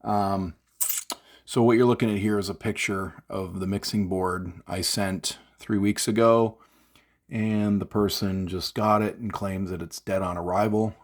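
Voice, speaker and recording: A man's voice: on the low side, fairly even intonation, measured pace. A man venting in an unscripted vlog from his home studio, rambling with fillers and restarts. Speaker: gear vlogger.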